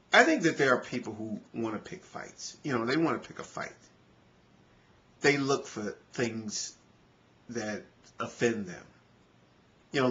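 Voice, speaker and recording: A man's voice: medium pitch, a bit bright, highs cut off. A man vlogging in an earnest, conversational way, with frequent "you know" fillers. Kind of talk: casual talk to camera.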